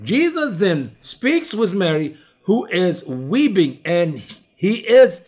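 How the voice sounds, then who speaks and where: A man's voice: high voice, very animated, slow, darkish tone. A man preaching a Bible teaching to his listeners, whom he calls his dear friends. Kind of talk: sermon-style Bible teaching.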